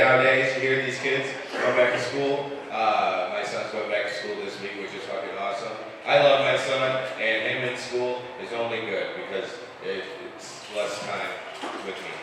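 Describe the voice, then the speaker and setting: A young man with a lowish voice works a live comedy crowd, short of breath and self-mocking. The sound is distant and roomy, with a long club reverb and a constant hum of noise behind him. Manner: loose, self-deprecating, chatty with the crowd. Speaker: stand-up comedian. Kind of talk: live stand-up set. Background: live audience, club ambience.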